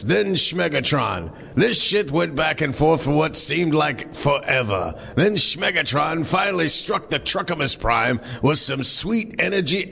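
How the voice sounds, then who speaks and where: A man hosting a comedy show, reading a crude mock-epic story in a deadpan way. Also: a little high, creaky, breathy edge, big-room sound. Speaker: host and story reader.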